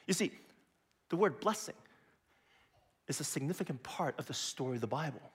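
A man preaching with a husky, slightly raised voice. His delivery is animated, with lots of rise and fall as he teaches. He talks to his listeners like a chatty teacher, asking "right?" and "okay?" as he goes. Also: on the high side, fairly quick. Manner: lively, conversational preaching with frequent "okay?" and "right?". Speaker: pastor. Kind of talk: sermon.

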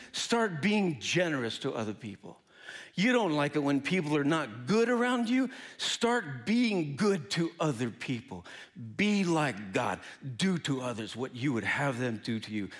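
A man from the Midwest telling a story in a sermon, animated, laughing often and acting out the people in it. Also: on the high side. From American Midwest. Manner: animated, laughing, acts out voices. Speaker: preacher.

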